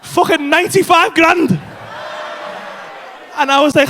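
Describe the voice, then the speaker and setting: A man's voice: very high-pitched, expressive, fairly quick, bright, forceful tone, a faint crowd, a little hiss or hum. A male stand-up comedian, telling a brash, sweary story and acting out the voices in it, on a comedy club stage.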